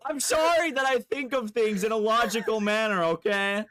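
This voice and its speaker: A man's voice: sits high, normal speed, bright, forceful tone, clean tone. A man co-hosting a podcast in casual chat, rambling, swearing and mocking himself. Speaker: podcast co-host.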